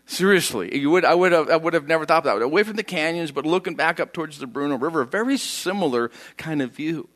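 A man's voice: on the high side, expressive, fast, hardly any pauses, fairly bright tone. A man preaching a conversational sermon, telling the story in a folksy way with chatty asides. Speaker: pastor.

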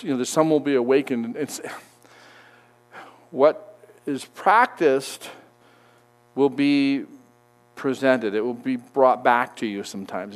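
A man giving a conversational sermon, reading verses aloud and explaining them with frequent restarts. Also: medium pitch. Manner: conversational, halting, with restarts while reading scripture. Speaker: Bible teacher.

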